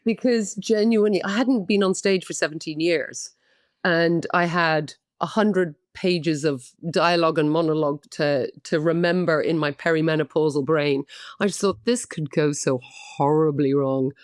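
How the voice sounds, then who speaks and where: Chatty middle-aged Irish woman, lowish voice. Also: normal speed, no echo, clean studio sound. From Ireland. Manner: candid, chatty and self-deprecating, with many "um"s. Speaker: guest actress. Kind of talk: podcast interview.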